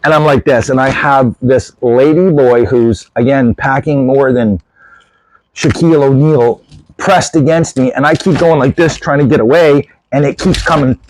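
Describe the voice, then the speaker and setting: A man in casual storytelling mode as host of his own video channel, animated and self-mocking, and sick with a lung infection. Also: mid-range voice, normal speed, a little hiss or hum, rough recording. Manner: animated, self-mocking, gestures while telling.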